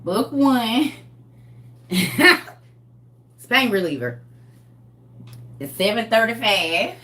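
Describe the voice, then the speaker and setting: A woman's voice: on the high side, big pitch swings, very slow, pushed and bright. A woman hosting a live group chat, talking casually in a playful, teasing way and laughing often. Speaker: host of a live reading group.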